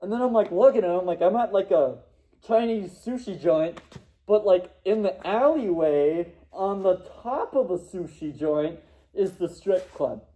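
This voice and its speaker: A man's voice: high-pitched, expressive, normal speed, mellow. A young man casually telling a rambling story, laughing and acting out what people said. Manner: rambling, laughing, acts out quotes.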